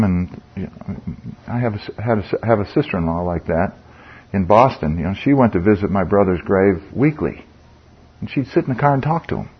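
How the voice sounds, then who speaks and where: A man's voice: mid-range voice, breathy edge. An older man teaching a Bible study group in a conversational way, asking the group questions, with fillers and restarts. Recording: dull lo-fi sound.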